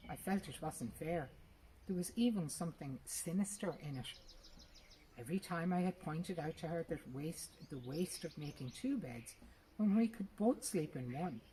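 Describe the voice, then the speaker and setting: A woman reading a short story aloud in a lively, expressive first-person narration. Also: low voice, a little hiss or hum, rough recording. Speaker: reader.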